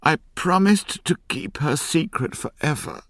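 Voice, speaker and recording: A distraught older village woman cries out in high, strained pleas, her voice swooping and tearful, as a male reader puts her on. Her words come slowly in a dry, close recording. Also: expressive, no echo. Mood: pleading. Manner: pleading, crying out in high strained tones. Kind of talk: audiobook character reading.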